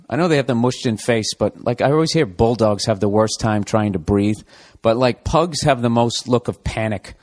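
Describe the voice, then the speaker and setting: Profane, rambling man venting. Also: medium pitch. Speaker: podcast host. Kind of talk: casual comedic monologue.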